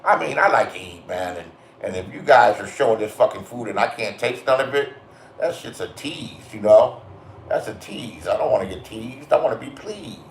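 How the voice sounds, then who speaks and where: A middle-aged Californian man, a vlogger, delivers a crude, confrontational rant packed with swearing and street stories. His lowish, gravelly voice is animated and moderately paced, recorded with roomy echo and slight background noise.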